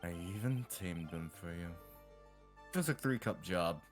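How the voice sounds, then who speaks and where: A cool, unflappable masked prosecutor, played by a man in a live game fan dub, with a very deep voice. He drawls his lines calmly and rises in lively swoops when he teases. Soft music runs faintly behind him. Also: unhurried. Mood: smug. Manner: calm, drawling, dryly amused. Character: cool, masked male prosecutor, smug and unshakable.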